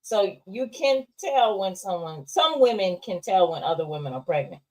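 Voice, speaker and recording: A woman's voice: mid-range voice, big pitch swings, normal speed, a little mellow, far from the mic. A middle-aged woman co-hosting a casual TV review chat, telling chatty family stories. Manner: chatty, tells family stories with voiced quotes. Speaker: podcast co-host.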